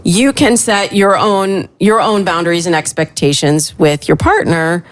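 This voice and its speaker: A woman's voice: on the low side, measured pace. Upbeat woman giving dating advice. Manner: upbeat, lively, reassuring. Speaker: dating coach.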